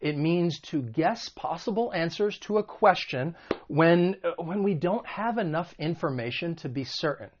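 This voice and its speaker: A man's voice: a little high, expressive, a little slow, a little hiss or hum. A man with a slightly raised voice teaches English vocabulary in an online video lesson. He explains each word patiently with examples. The recording is a touch muffled and dull.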